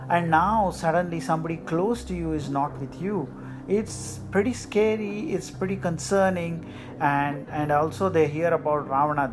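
A storyteller telling an epic tale in a conversational way, often checking in with the listener. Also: mid-range voice. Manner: conversational, many fillers and "right?" checks. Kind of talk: oral storytelling with asides to the listener. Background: instrumental music.

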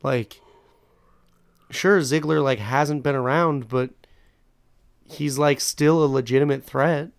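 A young man with a smooth, clear voice co-hosts a relaxed podcast. He chimes in with short remarks and a lot of fillers. The recording is close and dry. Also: medium pitch, slow, long pauses, dry recording. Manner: short agreeing interjections, fillers like "like". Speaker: podcast co-host. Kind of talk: casual wrestling review chat.

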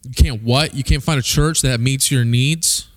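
A young man from Missouri preaching a sermon, animated and peppering the crowd with rhetorical questions. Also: medium pitch, moderate pace. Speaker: pastor.

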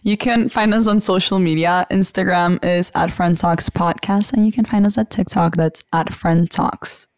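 Playful twenties woman, lowish voice. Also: fairly even intonation, moderate pace, hardly any pauses, a little mellow. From Brazil. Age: 20s. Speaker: podcast co-host. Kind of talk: casual podcast chat.

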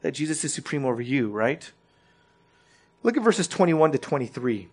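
A man's voice: mid-range voice, sing-song, normal speed, husky. A man preaching a sermon in a conversational teaching manner, often checking in with his listeners and restarting his phrases.

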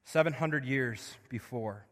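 A man preaching a sermon as pastor, moving between hushed, intimate passages and loud, impassioned swells. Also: mid-range voice, takes it slowly, in a large hall.

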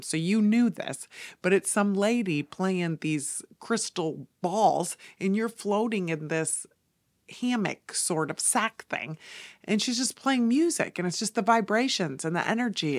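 A woman hosting a podcast, telling a story in a casual, animated way and slipping into soft whispered asides. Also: low voice, moderate pace, no echo, studio quality. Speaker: podcast host and salon owner.

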